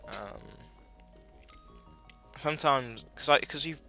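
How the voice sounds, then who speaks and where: Guy with a really bright tense voice, rambly sweary game commentary, quiet music behind. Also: mid-range voice, slow, vocal fry. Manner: rambling, chatty, sweary, self-correcting. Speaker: gaming video host. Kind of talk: casual gameplay commentary.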